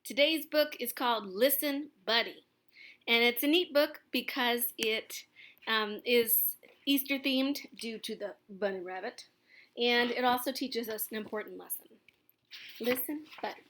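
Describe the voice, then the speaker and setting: A young woman reading a children's picture book aloud, expressive and gentle. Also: on the high side, unhurried, slight background noise. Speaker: storyteller.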